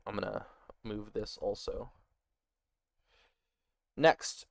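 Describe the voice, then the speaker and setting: A man building a made-up language, thinking aloud as he works and reading notes aloud in quick bursts, muttering and poking fun at himself. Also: medium pitch, clear, resonant tone, no echo, clean studio sound. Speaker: worldbuilder designing a conlang. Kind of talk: thinking aloud while working on screen.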